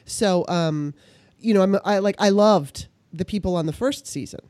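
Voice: medium pitch, normal speed, darkish tone, no echo. A speaker in casual chat, rambling enthusiastically and swearing casually.

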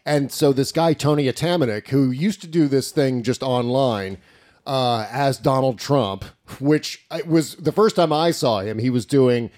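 Animated, swearing man chatting. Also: mid-range voice, measured pace. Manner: animated, profane, laughs at his own jokes. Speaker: podcast co-host. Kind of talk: casual chat.

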